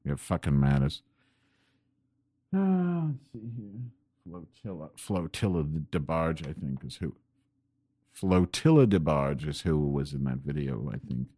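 Male host, very low voice, rambling profane political rant at his home desk. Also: animated, a little slow, dark tone, no echo, clean studio sound. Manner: rambling, profane and increasingly angry. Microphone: desk microphone pointed at keyboard.

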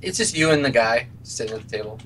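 A man's voice: medium pitch, animated, fast, a bit bright, slight background noise. A man running a tabletop role-playing game as game master, describing scenes in a loose, filler-heavy way.

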